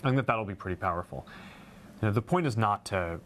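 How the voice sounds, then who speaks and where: Man, 30s, interview guest, bright forceful tone, halting fast talk. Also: on the low side, expressive, slight background noise. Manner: fast, halting, many fillers and restarts. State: has the hiccups. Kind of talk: casual chat.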